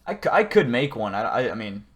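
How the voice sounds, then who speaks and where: A man's voice: mid-range voice, very animated, brisk. A man hosting a live stream, chatting casually with viewers in a rambling, profane, joking way. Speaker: livestream host.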